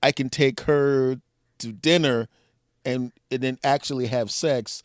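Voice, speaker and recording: A man's voice: medium pitch, fairly even intonation, a little slow, clean tone, dry recording. A man hosting a podcast, chatting casually and joking with his guest. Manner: joking, laughs often. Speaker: podcast host. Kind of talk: casual interview chat.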